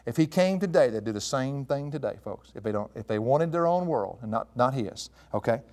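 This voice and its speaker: A man's voice: mid-range voice, animated, a little fast, darkish tone. A man preaching a sermon, walking through a passage, asking his listeners questions and calling them folks. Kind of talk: expository sermon.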